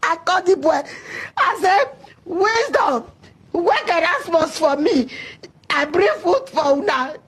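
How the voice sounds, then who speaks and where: A woman with a Nigerian Pidgin accent recounting an ordeal, her voice breaking into cries and shouts. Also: extremely high pitch, lively intonation, slow pace. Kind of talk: emotional storytelling in Pidgin.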